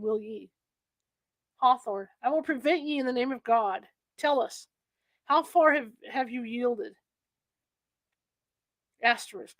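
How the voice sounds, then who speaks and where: A woman's voice: fairly high pitch, no echo. A woman reading aloud from a history book, often stumbling and restarting over old-fashioned wording. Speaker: reader.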